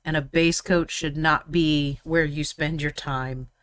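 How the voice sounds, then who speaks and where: This young woman, hosting a live miniature-painting stream, talks casually, teases her co-host and laughs often as she paints. Her deep voice holds a steady tone, a bit bright and a little slow, with no room sound.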